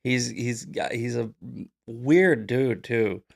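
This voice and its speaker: Male stream host, heavy vocal fry, mid pitch, loose jokey commentary. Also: takes it slowly. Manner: loose, rambling, jokey asides while fixing tech. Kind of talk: casual live-stream commentary.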